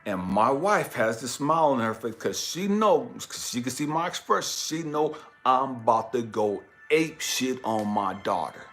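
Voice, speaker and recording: A man working as a life coach, telling a story as a profane, emphatic rant that builds to shouting. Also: mid-range voice, big pitch swings, normal speed, hardly any pauses, faint music behind.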